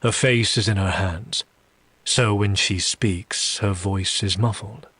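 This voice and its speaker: A man reading a first-person story aloud in an audiobook style, slow and deliberate, dropping low for menacing asides. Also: a bit bright, slightly rough, dry recording. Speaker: story reader.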